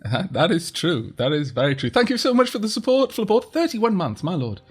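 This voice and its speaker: Husky guy streaming a game, animated, rambly, reads chat out. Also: sits high, a little fast. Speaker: gaming streamer. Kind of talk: live stream commentary.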